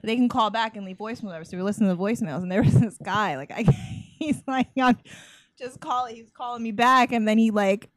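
A cheerful woman chatting on a podcast, her voice on the higher side and recorded close and dry. She talks with an audible smile, stopping and restarting as she gathers her thoughts. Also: no room sound. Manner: cheerful, smiling, halting restarts. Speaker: podcast co-host. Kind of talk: casual chat.

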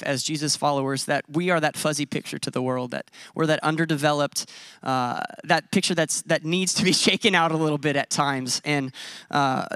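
A man's voice: on the high side, a bit bright, clear, resonant tone, no echo, studio quality. A man in his thirties preaching a sermon as a pastor, conversational and self-deprecating. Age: 30s.

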